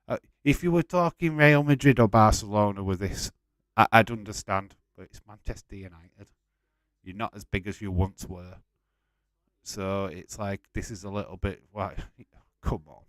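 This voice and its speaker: A man's voice: lowish voice, measured pace, dry recording. A man hosting a casual live watch-along stream, chatting loosely with frequent swearing and rambling restarts. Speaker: livestream host.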